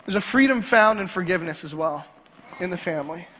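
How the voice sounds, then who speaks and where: Pastor guy preaching, high voice, hammers lines over and over slow, big echoey church hall. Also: lively intonation, pushed and bright. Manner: emphatic, repeats key phrases slowly. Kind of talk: sermon. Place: church sanctuary. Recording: long church hall reverb.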